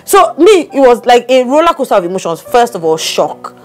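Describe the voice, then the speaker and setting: A woman, co-hosting a casual chat and telling a story with lively acted-out quotes. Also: on the high side, brisk. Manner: animated storytelling, acts out quotes. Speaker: podcast co-host.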